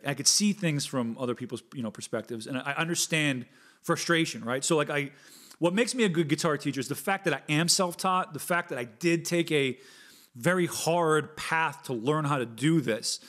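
This slightly high, somewhat bright male voice belongs to a podcast host in his thirties who also teaches guitar. At a normal speed, he delivers a casual solo monologue that is earnest and rambling, full of fillers and offhand swearing.

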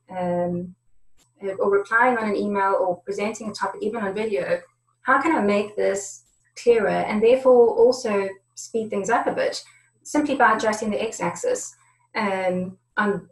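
A woman giving a conversational webinar presentation on negotiation, often stopping and repeating words as she goes. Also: mid-range voice. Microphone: video conference setup. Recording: roomy echo.

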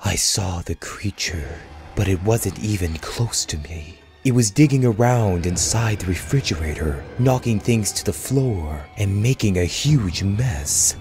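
Slow, deep-voiced male horror narrator. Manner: slow, measured, hushed storytelling. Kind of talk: scripted horror story reading.

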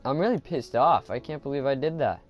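A man's voice: mid-range voice, lively intonation, fairly quick, dull audio. A man giving casual commentary while playing a game, chatting to viewers and groaning at his own mistakes. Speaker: gaming video host. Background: background music.

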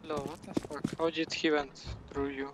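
A man's voice: fairly high pitch, flat delivery, moderate pace, heavy background noise. Swearing male teammate over gunfire. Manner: blunt, swearing, broken English. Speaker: teammate on voice chat. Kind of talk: in-game voice chat. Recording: voice chat over loud gunfire.

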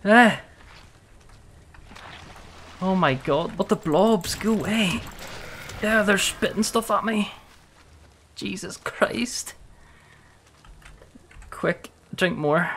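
A man's voice: high voice, fairly bright tone. A man streaming a survival game, reacting jumpily with exclamations and swearing while talking to his chat. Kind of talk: live game commentary.

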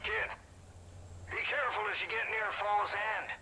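A man voicing a resistance radio contact in a video game, giving clipped, hushed orders. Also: high-pitched, normal speed, heavy background noise, lightly acted. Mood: hushed warning. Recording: loud game music behind.

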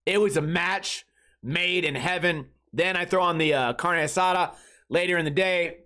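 A man's voice: sits high, moderate pace, bright, forceful tone. A man hosting a comedy podcast, telling rambling, crude, jokey stories about his weekend in a casual way. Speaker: podcast host.

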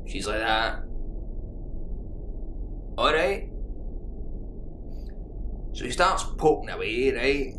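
A man telling a cheeky joke in a casual, drawn-out way, adding playful asides as he goes. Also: medium pitch. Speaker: joke teller. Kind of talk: casual comic storytelling. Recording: roomy distant mic with background noise.

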